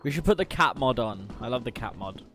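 Playful, lively-voiced male streamer. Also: mid-range voice, fairly quick, soft background music. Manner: playful, excitable, shrieks and laughs at scares. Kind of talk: casual gaming chat.

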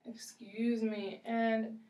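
Slow, encouraging woman teacher. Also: on the high side, little pitch movement, warm tone, distant mic, slight background noise. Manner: slow, encouraging, repeats phrases. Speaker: English teacher. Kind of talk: ESL role-play lesson. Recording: echoey room, voice from afar.

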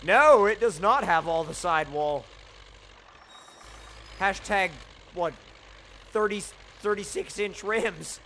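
A young man chats over a co-op game, slow and drawn out, with a lively, swooping pitch. He teases and scolds his friend, and often breaks into laughter. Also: slight background noise. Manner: teasing, exasperated, laughs a lot. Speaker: gaming channel host. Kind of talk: casual gameplay chat.

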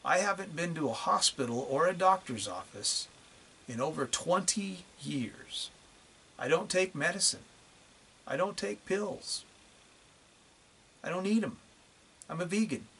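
A man's voice: fairly high pitch, animated, unhurried, gravelly, long pauses, pushed and bright, slight background noise. A man ranting bluntly to the camera in a profane, repetitive video monologue. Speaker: vlogger.

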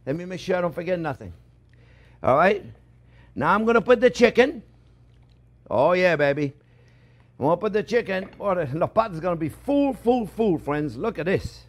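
A man's voice: high voice, big pitch swings, normal speed, pauses often. A middle-aged man working as a chef, talking viewers through a cooking demonstration in a chatty, joking way and often checking in with "okay?" and "eh?".

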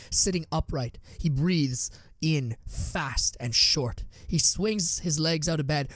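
A man's voice: mid-range voice, dry recording. A man narrating a scripted fan story in a dramatic way.

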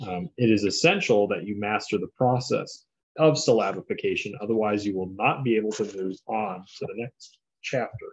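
Low-voiced man reading a textbook aloud. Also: normal speed. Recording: dull lo-fi classroom recording.

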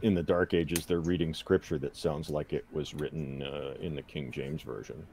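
A man's voice: very deep voice, fairly even intonation, normal speed, a little mellow, slight background noise. A man chatting casually with friends on a watch party stream, explaining things at length. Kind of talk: casual group chat.

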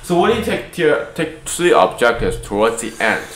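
A man's voice: medium pitch, sing-song, moderate pace, a bit bright. A man giving casual, rambling let's-play commentary, joking and correcting himself, recorded on a mic far from him. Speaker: gaming YouTuber. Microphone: far from the speaker. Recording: very echoey, distant mic, faint noise.

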